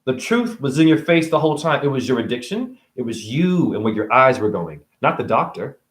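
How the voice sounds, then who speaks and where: A man's voice: mid-range voice, big pitch swings, fairly quick, roomy sound. A man ranting to camera about spirituality, sarcastic and profane. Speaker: vlogger.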